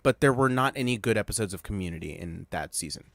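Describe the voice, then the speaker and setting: A man's voice: fairly low pitch, expressive, fast, gravelly, a bit bright, no room sound. A man in casual comedy chat, rambling and opinionated about TV shows.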